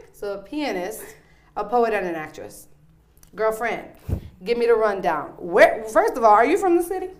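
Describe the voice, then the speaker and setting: A woman hosts a casual interview with a lively, playful energy and frequent laughs. Her voice sits a bit high. The room around her is noticeably echoey. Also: moderate pace, long pauses, a little hiss or hum. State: married. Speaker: host.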